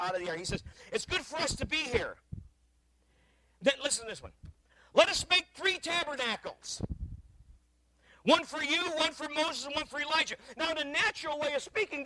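Animated, bright-voiced preacher man. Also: sits high, husky, rough recording. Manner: conversational storytelling, swings from loud emphasis to quiet asides. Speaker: guest pastor. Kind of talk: sermon.

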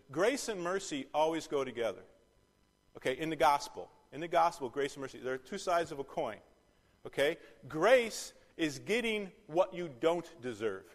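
A man's voice: on the high side, long reverb tail. A man teaching a Bible study, asking the class questions and repeating key phrases.

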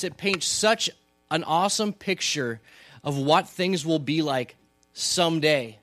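A man's voice: a little high, measured pace, fairly bright tone, no room sound, faint music behind. A grown man preaching a conversational sermon to a congregation, often asking them questions. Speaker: pastor. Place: church hall.

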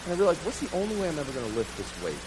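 Animated high-voiced man preaching, rain behind. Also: very fast, noisy background. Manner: animated, self-mocking, builds to loud bursts. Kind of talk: sermon with comic storytelling.

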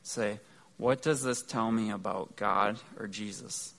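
A man's voice: lowish voice, fairly even intonation, unhurried, gravelly, fairly bright tone. A man giving a conversational, earnest sermon, explaining things step by step. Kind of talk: sermon teaching.

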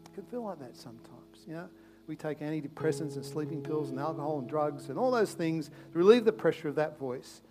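Aussie pastor guy preaching, fairly high voice for a man, gets loud then drops real quiet, repeats himself, faint guitar behind. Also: animated, brisk. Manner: passionate, swings from loud urgent pleas to hushed intimate tones; repeats phrases, restarts with stammers. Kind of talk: sermon.

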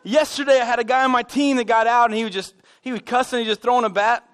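A man preaching a sermon as pastor, telling animated stories with self-deprecating humor. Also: extremely high pitch, quick pace, clear, resonant tone. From United States. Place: church sanctuary.

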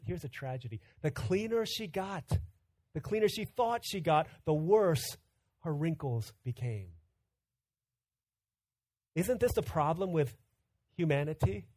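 A man's voice: on the high side, no echo. Fervent man preaching a sermon. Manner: swings from loud urgent bursts to hushed quiet; storytelling, conversational. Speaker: pastor.

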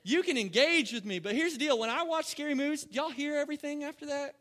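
A pastor preaching a sermon, joking and talking straight to the congregation. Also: male voice, extremely high pitch, fast talker. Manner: animated, joking, talks to the congregation.

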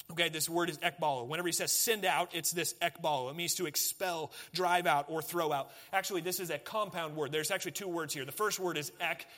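A man's voice: fairly high pitch, a bit bright. A male pastor preaching a sermon, talking casually with the congregation and building to emphatic, pleading passages.

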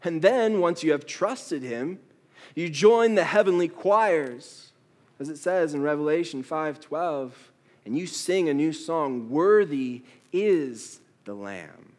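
Guy preaching a sermon, slow and easy, jokey little story bits. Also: on the high side, expressive. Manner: storytelling, playful with quoted asides. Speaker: pastor.

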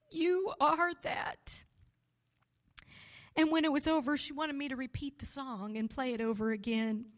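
Slow, heartfelt preaching woman with lilt. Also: a little high, a bit bright. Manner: heartfelt storytelling, emotional and tearful at times. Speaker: pastor's wife preaching. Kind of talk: sermon.

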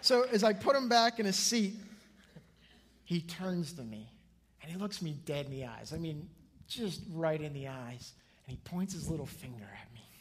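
A male pastor preaching a sermon to his congregation, telling stories with lively energy and acting out the people in them. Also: fairly high pitch, moderate pace. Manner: lively storytelling, acts out the people in his anecdotes. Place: church sanctuary before a congregation. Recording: long hall reverb.

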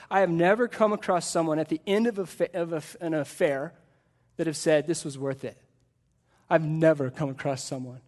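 The pastor, a middle-aged man, has a fairly high, somewhat mellow voice as he preaches into a pulpit microphone. He asks the congregation rhetorical questions in an earnest, emphatic sermon.

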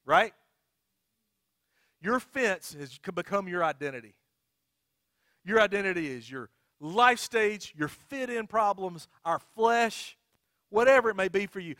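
Animated, high-pitched man preaching. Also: dry recording, studio quality. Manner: animated storytelling, shouting at peaks, dropping to quiet appeals. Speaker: pastor. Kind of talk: sermon.

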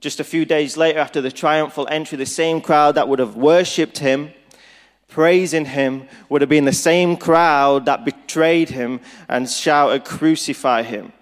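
A man preaching a Good Friday sermon as pastor, slow and earnest. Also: on the high side, steady tone. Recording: reverberant hall.

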